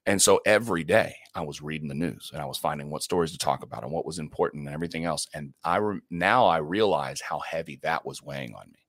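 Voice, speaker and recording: Deep-voiced man telling faith stories. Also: brisk, no echo, studio quality. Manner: earnest, animated, with frequent restarts and laughs. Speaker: radio morning show host, podcast guest. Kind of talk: faith-centered interview storytelling.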